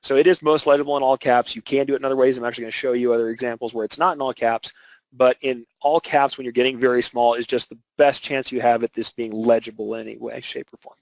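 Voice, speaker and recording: A man's voice: mid-range voice, fairly even intonation, fast, creaky, darkish tone, dry recording, rough recording. A man teaching an embroidery webinar, explaining technique step by step with filler words and restarts. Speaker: embroidery instructor.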